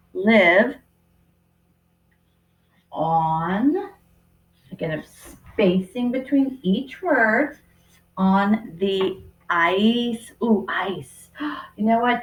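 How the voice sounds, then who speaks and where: A woman teacher giving a remote writing lesson to young children, speaking slowly and sounding out each word as she writes, recorded on a computer microphone. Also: medium pitch, highs cut off. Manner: slow and deliberate, sounding out words while writing. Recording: roomy echo.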